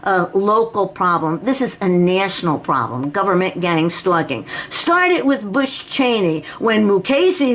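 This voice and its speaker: An older woman from New York talking to camera, indignant and emphatic, firing off rhetorical questions. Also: mid-range voice. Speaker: video blogger. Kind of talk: personal video rant.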